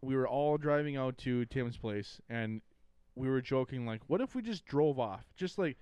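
A young man joins a loose podcast chat, cracking jokes and dropping cartoon lines. His voice sits at an ordinary pitch and is recorded dry and close. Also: animated, moderate pace, darkish tone, clear, resonant tone, dry recording. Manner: joking, tosses in cartoon quotes. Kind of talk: casual chat.

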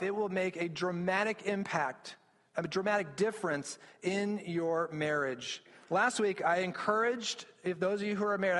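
A man's voice: high-pitched, fairly bright tone. A male pastor preaching a sermon in a church, explaining scripture earnestly and often restarting his phrases. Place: church sanctuary. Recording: long reverb of a church hall.

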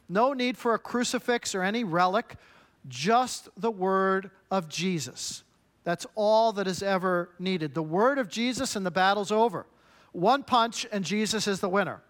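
A man's voice: high voice, a bit bright. A man preaching a sermon, emphatic and punchy, building his points through short repeated phrases. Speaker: pastor.

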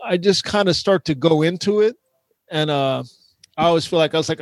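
A man's voice: on the high side, fast talker, gravelly, dry recording. A man chatting and joking on a podcast, laughing often. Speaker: comedian guest. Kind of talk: casual podcast banter.

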